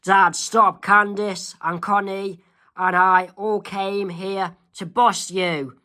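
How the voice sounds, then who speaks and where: Brief: man reading determined teen girl, slow and plain. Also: high-pitched, level tone, pushed and bright, full character voice. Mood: firm. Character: determined teenage girl, villain's daughter.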